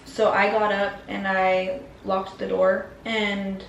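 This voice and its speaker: A woman's voice: medium pitch, flat delivery, slow, vocal fry, distant mic, a little hiss or hum. A woman vlogger telling a personal story in a frank, slangy, casual way. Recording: roomy, mic set back.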